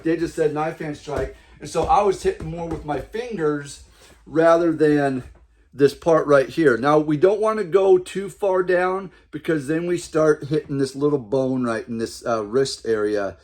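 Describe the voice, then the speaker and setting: A man teaching martial arts in a casual, rambling way, a little out of breath, with lots of fillers and restarts. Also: on the high side. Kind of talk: casual instructional talk.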